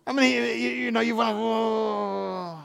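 A male pastor, preaching a lively sermon and joking with his congregation. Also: extremely high pitch, a little slow, creaky. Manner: playful, joking asides to the congregation.

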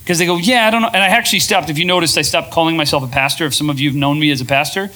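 High bright-voiced man addressing a crowd. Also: racing. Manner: energetic, asks the crowd questions. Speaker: podcast host and speaker, former pastor. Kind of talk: live talk to an audience. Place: event venue with a live audience.

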